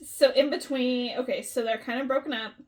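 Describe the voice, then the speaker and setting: A woman's voice: high-pitched, fairly even intonation, a little fast. A woman co-hosting a casual book podcast, giggling, swearing casually and acting out characters.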